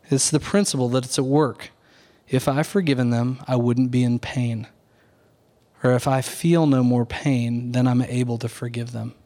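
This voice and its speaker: A man, a pastor, preaching an earnest Sunday morning sermon at a measured, deliberate pace, pausing on key words. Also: medium pitch, steady tone, warm tone.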